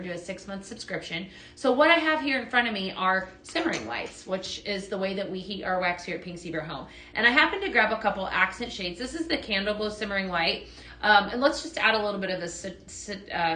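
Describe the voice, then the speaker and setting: A woman with a medium-pitched, sharp voice hosts a live shopping stream in an echoey room. Chatty and upbeat, she greets viewers by name while demonstrating and selling products.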